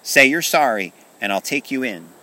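A man voicing a hurt, hot-tempered young boy in a storybook reading, shouting and tearful. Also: medium pitch, lively intonation, normal speed, pitched above the performer's own voice. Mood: earnest.

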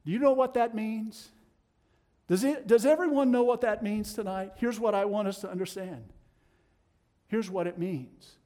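A middle-aged man with a Tennessee accent delivers a sermon, a little slowly, alternating between loud proclamations and quiet, low stretches.

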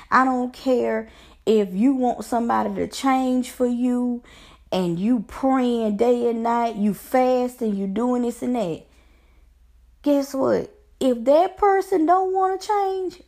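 Gravelly-voiced woman giving fervent encouragement. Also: a little high, animated, takes it slowly, darkish tone. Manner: earnest, preacherly encouragement, repeating phrases. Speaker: life coach. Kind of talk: motivational faith talk to camera.

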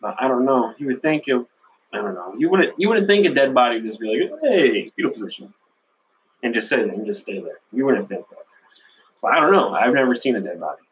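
A man's voice: medium pitch, very animated, fast talker, slight background noise, poor audio. A man hosting a solo podcast with a runny nose, rambling casually, swearing a lot and laughing at himself. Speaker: podcast host.

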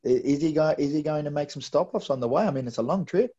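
Mellow-voiced man on a dull, lo-fi mic. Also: a little high, fast. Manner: chatty and musing, with stammered restarts and light laughs. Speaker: co-host of a wrestling recap show. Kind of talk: casual chat. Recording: slightly dull, lo-fi sound.

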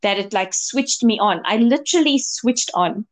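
A woman's voice: on the high side, animated, moderate pace. A woman co-hosting a casual chat, telling a long personal story with many fillers and restarts. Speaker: podcast co-host, medium.

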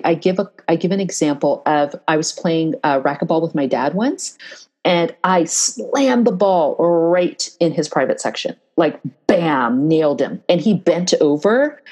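A woman with a husky, slightly low voice speaks in a casual interview. She is earnest and direct, grows animated when telling stories, and often checks in with a quick "right?". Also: low-quality recording. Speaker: diversity and bias trainer, interview guest. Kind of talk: casual interview talk with storytelling.

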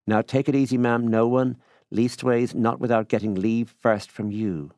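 A man's voice: lowish voice, fairly even intonation, measured pace, darkish tone, no echo, studio quality, pitched above the performer's own voice. A man reading aloud, voicing a genial, persistent middle-aged male farmer who talks in a coaxing, folksy way and keeps saying ma'am. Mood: placating.

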